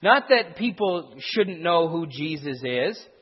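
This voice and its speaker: A man's voice: a little high, lively intonation, slow pace, husky. A man explaining a Bible passage verse by verse, with restarts and emphatic stresses. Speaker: Bible teacher. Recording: dull sound with a long hall echo.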